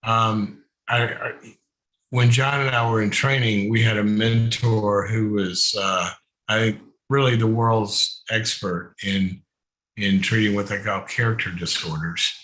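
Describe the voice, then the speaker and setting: Male advice-show host, bright forceful tone, emphatic, thoughtful counsel. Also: on the low side, fairly even intonation, unhurried, low-quality recording. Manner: thoughtful, emphatic, repeats words while building a point. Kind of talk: live call-in advice show.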